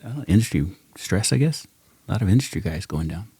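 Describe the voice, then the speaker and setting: A middle-aged podcast host tells stories in a casual chat, acting out quotes and laughing often. He talks fast in a low voice with a breathy edge, and there's no room sound.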